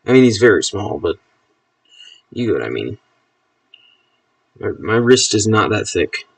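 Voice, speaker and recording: A man's voice: lowish voice, big pitch swings, measured pace, no echo, distant mic. A man chatting casually on a live stream, amused, talking to his pet snake as he handles it.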